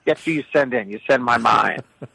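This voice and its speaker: A man telling rambling comic stories in a casual, profane, animated way. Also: mid-range voice, brisk, vocal fry, slightly rough, dry recording, poor audio. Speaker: regular of the show. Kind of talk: casual comedic storytelling.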